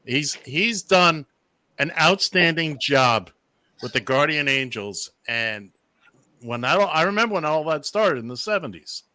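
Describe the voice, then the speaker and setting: A man's voice: on the high side, lively intonation, measured pace, bright, forceful tone, no echo. A man from Long Island, co-hosting a casual political chat on the radio, blunt and opinionated. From Long Island, New York. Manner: blunt and opinionated, teasing the others. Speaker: radio show co-host.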